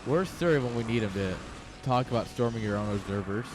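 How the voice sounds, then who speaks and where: A young man commenting live on an esports match in an excitable, joking way, talking straight to his chat. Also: on the low side, fairly quick, background noise. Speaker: game caster.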